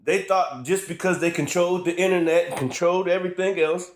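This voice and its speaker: This man's high-pitched voice stays fairly even and a little fast as he reads scripture aloud with rising fervor. He preaches, laughs frequently, and repeatedly closes his lines with "man."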